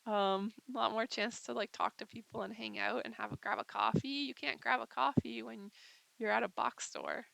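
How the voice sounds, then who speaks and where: A woman's voice: fairly high pitch, fairly even intonation, moderate pace, vocal fry, a bit bright, dry recording, poor audio. A young woman talking in a casual confessional vlog, rambling and hesitant with lots of fillers. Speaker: vlogger.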